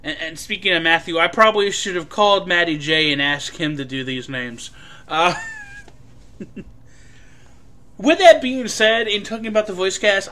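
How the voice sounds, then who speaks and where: A man giving a casual, rambling film review, full of fillers and an animated delivery. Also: high-pitched.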